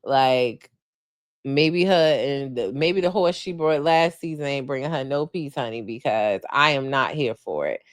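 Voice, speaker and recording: A woman hosting a podcast, recapping in casual chat with blunt, colloquial opinions and animated quoting. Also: moderate pace, hardly any pauses, dry recording, clean studio sound. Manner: animated, opinionated, acts out quotes with big pitch jumps. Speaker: podcast host.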